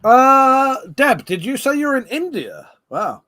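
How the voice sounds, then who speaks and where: A man's voice: sits high, big pitch swings, measured pace, pushed and bright. A man hosting a live stream, chatting loosely with viewers while a bit tipsy, laughing and swearing as he reads the chat.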